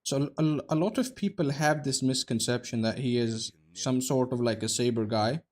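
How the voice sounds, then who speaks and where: Streaming a game, a young man speaks at a normal speed in a darkish, mid-range voice. He rambles between stories and play, keeping his commentary casual, profane and full of jokes.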